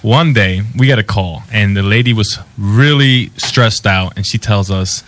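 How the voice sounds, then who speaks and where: Low-voiced laid-back male podcast host. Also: measured pace, fairly bright tone. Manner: laid-back, laughs at his own stories. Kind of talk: casual chat, storytelling.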